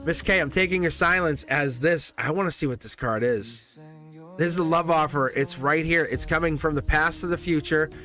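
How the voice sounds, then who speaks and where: A man's voice: on the high side, moderate pace, sharp tone, soft background music. A man reading tarot cards live for his viewers, chatty, laughing often and repeating himself. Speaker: tarot reader, livestream host.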